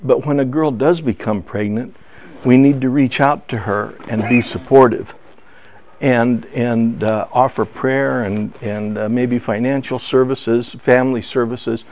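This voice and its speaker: An older man telling a family story in a personal testimony talk, halting and emotional, with many restarts. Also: mid-range voice, steady tone, slight background noise. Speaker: speaker. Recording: dull lo-fi sound.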